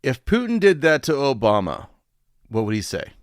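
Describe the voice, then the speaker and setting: Male podcast co-host, mid pitch, lively expressive delivery, blunt, dry close sound. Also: normal speed, dry recording. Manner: blunt, profane, emphatic. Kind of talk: casual political chat.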